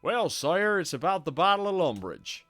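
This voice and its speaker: A man's voice: high voice, big pitch swings, normal speed, fairly bright tone, dry recording, soft background music, pitched above the performer's own voice. A man voicing an anxious middle-aged duke who pleads earnestly and deferentially. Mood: pleading. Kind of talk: reading game dialogue aloud with voices.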